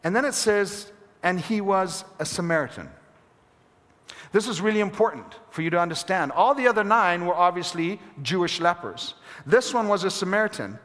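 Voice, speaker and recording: A man preaching a sermon as pastor, swinging between hushed, near-whispered phrases and emphatic calls. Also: high-pitched, expressive, moderate pace, big-room sound.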